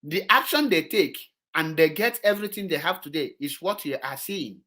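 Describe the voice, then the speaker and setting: A man with a Nigerian Igbo accent delivers a heated political monologue with a forceful, sharp tone. He scolds his audience and slides between English and Igbo mid-sentence. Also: on the high side, lively intonation, moderate pace. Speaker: political commentator.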